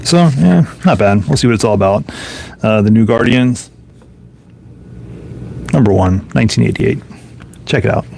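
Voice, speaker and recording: A man's voice: on the low side, moderate pace, gravelly, pauses often, darkish tone, slight background noise. A man casually thinking aloud as he flips through and reviews old comic books, offhand and musing. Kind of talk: casual solo commentary.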